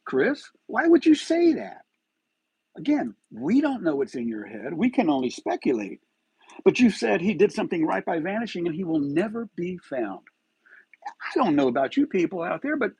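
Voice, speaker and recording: A man's voice: high voice, darkish tone, slightly rough, dry recording, highs cut off. A man hosting a live stream of true-crime commentary, agitated and firing rhetorical questions.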